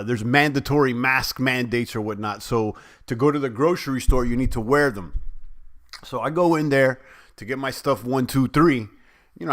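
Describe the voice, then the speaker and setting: Bright-voiced man hosting a casual livestream. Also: medium pitch. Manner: rambling and conversational, addresses viewers directly. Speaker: crypto livestream host.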